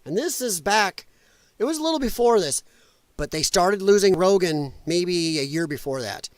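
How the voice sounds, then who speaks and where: A male host rants through livestream commentary in a blunt, profane, sarcastic way. His voice sits high and jumps around a lot, and the room sounds dry and close. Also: expressive, moderate pace, dry recording. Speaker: podcast host.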